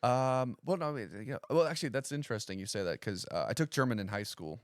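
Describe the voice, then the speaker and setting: A man's voice: mid-range voice, fast, dry recording. A man in his thirties, a stand-up comedian from the United States, chatting on a podcast with dry, self-mocking humor and acting out other people's voices as he tells stories. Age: 30s. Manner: animated storyteller who acts out other people's voices. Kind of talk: casual podcast chat.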